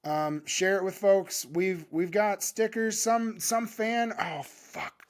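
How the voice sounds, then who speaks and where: A man with a fairly high voice co-hosts a podcast from a home studio. He talks loudly and jokes around, swearing all the time. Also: takes it slowly. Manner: loud, swearing, hyped and joking. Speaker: podcast co-host. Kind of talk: casual podcast chat.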